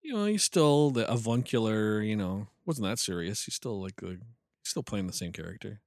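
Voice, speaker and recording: A man's voice: lowish voice, expressive, moderate pace, no echo, clean studio sound. A man co-hosting a podcast, chatting casually about old movies, joking and teasing his co-host with frequent laughs.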